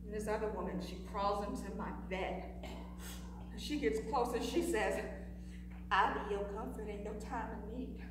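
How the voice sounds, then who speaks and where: An actress playing a battered, desperate wife who stammers and pleads, performed on a live stage. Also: female voice, mid-range voice, fairly even intonation, normal speed, lightly acted. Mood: recounting. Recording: echoey hall from far off, background noise.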